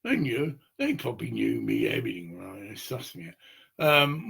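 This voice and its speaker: A man rambles through a profane monologue to the camera. His voice is gravelly and husky with a tense, sharp edge, and his pitch jumps all over the place. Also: huge pitch swings, normal speed. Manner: rambling, profane, acts out little scenes.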